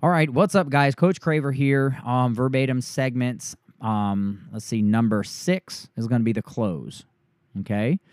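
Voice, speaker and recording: A man's voice: fairly even intonation, a little slow, a little mellow, dry recording. Man coaching a sales script, dry. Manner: coaching, acts out the pitch to a homeowner.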